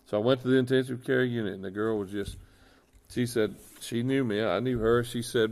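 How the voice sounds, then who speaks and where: A man's voice: medium pitch, steady tone, moderate pace, creaky, a little mellow. A middle-aged man, a chaplain telling an earnest, folksy faith story and repeating his points. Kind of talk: testimony storytelling on a talk show.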